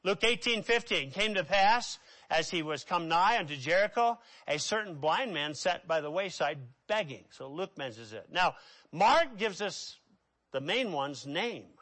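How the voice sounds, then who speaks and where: Animated preacher with a lively, high voice. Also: male voice, measured pace. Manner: animated, dramatic shifts between loud and hushed. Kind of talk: sermon.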